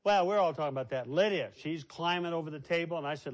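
A man's voice: fairly high pitch, quick pace, hardly any pauses, muffled recording. An older man, a pastor, preaching a sermon and telling a family story in a conversational way.

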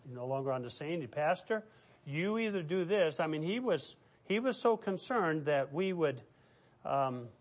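A middle-aged pastor preaching a sermon in a fairly high, lively voice. He tells stories from his own ministry and acts out the people in them. His voice swings up for the quoted lines and drops low for the asides. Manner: animated storytelling, acting out quoted voices.

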